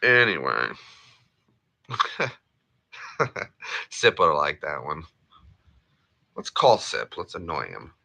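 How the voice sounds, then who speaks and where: A man's voice: extremely low pitch, sing-song, slow, gravelly, long pauses, pushed and bright. A man rambling and joking in casual chat while he plays a game, with playful repetitions. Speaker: gaming streamer.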